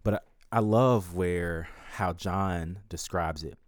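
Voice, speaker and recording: A man hosts a devotional podcast, reading scripture and reflecting on it with earnest emotion. His deep voice climbs when he is moved, and he sometimes halts and restarts. The studio-quality recording has no echo.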